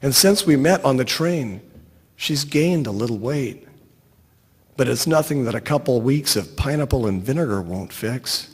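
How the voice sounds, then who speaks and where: A middle-aged man reading his own short story aloud in a dry, even storytelling manner. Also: medium pitch, breathy edge, long reverb tail.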